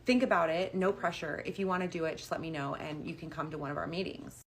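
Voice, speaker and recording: Woman narrator doing a smooth persuasive guy, calm, reassuring, a bit low in pitch. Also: quick pace, a little hiss or hum. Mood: coaxing. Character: smooth-talking young man, persuasive.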